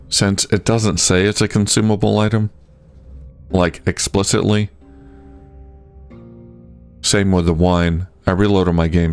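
A man's voice: low voice, a little mellow, clean tone. A man hosting a let's play, commenting casually and thinking aloud as he plays. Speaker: gaming channel host.

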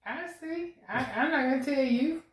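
A woman's voice: sits high, normal speed, reverberant. A woman hosting an eating show, bantering playfully and trash-talking with lots of laughter. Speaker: mukbang host. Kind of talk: casual banter while eating.

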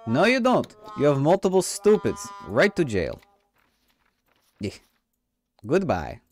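A man's voice: fairly high pitch, huge pitch swings, slow pace, darkish tone, faint music behind. A man streaming a game, joking in a mock-official inspector voice with a put-on accent and swearing. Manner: puts on a mock foreign accent. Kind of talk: comedic let's play commentary.

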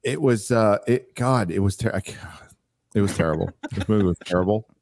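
A man's voice: on the low side, a little fast, darkish tone, dry recording, studio quality. A man on a panel show giving a blunt, dismissive, profane verdict. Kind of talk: casual panel chat.

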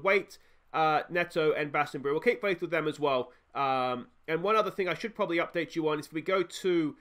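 A man with an Australian accent, hosting a football management game let's play, cheering and groaning along with the match and breaking into excited shouts. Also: fairly high pitch. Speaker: gaming video host.

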